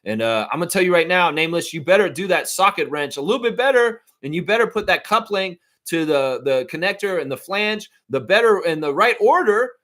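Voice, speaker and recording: A man's voice: expressive, brisk, hardly any pauses, pushed and bright. A man putting on a mock-stern voice that scolds a plumber and lectures him on his work. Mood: bossy. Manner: bossy, lecturing, raised pitch.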